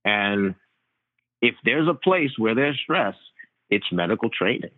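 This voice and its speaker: A man, a physician interviewed as a guest, telling stories in an animated, slangy, casual way. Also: fairly low pitch, measured pace, no room sound. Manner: animated, slangy, tells stories with quoted dialogue. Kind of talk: casual conversational storytelling. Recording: dry tinny phone-like line.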